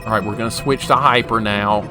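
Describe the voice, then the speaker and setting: A man's voice: on the low side, fairly even intonation, a little fast. A young man streaming a retro game live, commenting as he plays, getting frustrated, joking and laughing while he reads and answers his chat. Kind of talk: live gameplay commentary chatting with viewers. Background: game music.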